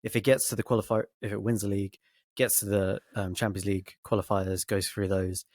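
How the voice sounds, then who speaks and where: A man's voice: fairly low pitch, little pitch movement, brisk, darkish tone, dry recording, studio quality. A man co-hosting a casual football podcast, laid-back and trailing off mid-sentence. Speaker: podcast co-host.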